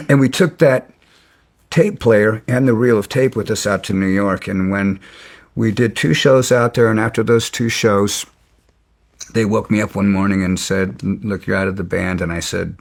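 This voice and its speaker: Gravelly middle-aged guy telling old band stories, lowish voice, lots of restarts. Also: fairly even intonation, moderate pace. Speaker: guest. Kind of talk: storytelling interview.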